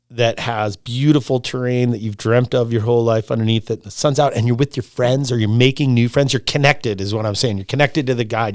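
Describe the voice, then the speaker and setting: Middle-aged man, podcast guest, excitable rambler, mid pitch, dry close mic. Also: dry recording. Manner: animated, rambling, swearing, repeating himself. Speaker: lodge owner, podcast guest. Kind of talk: casual podcast conversation.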